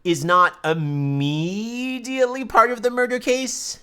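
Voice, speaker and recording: A woman's voice: on the high side, steady tone, takes it slowly, pushed and bright, smooth. Giggly streamer woman playing along. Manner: giggly, swearing, talks over herself. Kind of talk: casual let's-play chat.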